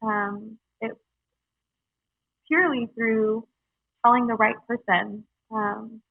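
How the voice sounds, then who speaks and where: A young woman telling her personal story in a halting, earnest way, with many fillers, heard over a tinny phone-like line. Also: a little high, flat delivery, vocal fry, dry recording. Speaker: guest sharing her story. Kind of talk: casual storytelling.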